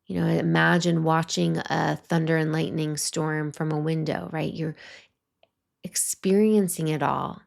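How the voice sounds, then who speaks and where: A woman hosts a solo podcast in a reflective monologue. She talks very slowly, with a strongly gravelly, creaky texture. Her pitch sits a little low, and her manner is soothing and gently guiding. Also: fairly even intonation. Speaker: podcast host.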